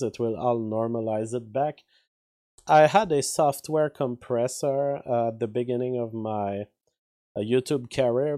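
A man's voice: medium pitch, mellow, dry recording. A man doing casual political commentary on his channel, rambling with many fillers and restarts, speaking into a studio mic from his home studio. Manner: reads chat comments aloud. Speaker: YouTube commentator. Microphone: studio mic with outboard gear.

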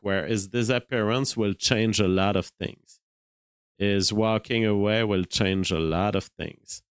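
A Quebec-accented man, French by birth, hosts a live stream in a measured, thinking-aloud style, often restarting his sentences. His voice sits a little low and sounds smooth and clear. It is recorded close and dry, with no room sound. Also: no echo. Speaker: livestream host. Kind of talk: live-stream commentary, reading super chats.

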